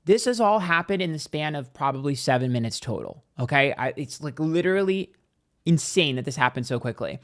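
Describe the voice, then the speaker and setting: A man's voice: on the high side, expressive, fairly quick. A man guesting on a podcast, telling a long personal story in a chatty way, peppered with "like" and acted-out quotes. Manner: chatty, heavy use of "like", acts out quotes. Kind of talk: casual storytelling.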